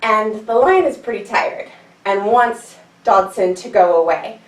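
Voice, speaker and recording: A woman's voice: medium pitch, animated, measured pace, echoey room, recorded from a distance, rough recording. A woman teaching a children's yoga class, telling a story in a playful, sing-song way while guiding poses.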